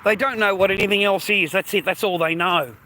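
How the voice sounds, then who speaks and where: A man's voice: sits high, brisk, sharp tone, poor audio. An Australian man talking casually to his viewers in a rambling way, swearing often and calling them mate and bro. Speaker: streamer. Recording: outdoor traffic noise.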